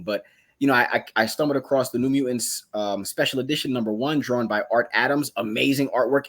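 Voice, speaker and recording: A young man chatting casually about comic books on a podcast, animated and acting out characters' lines as he tells the story. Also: medium pitch. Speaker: podcast co-host. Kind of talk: casual comic book chat.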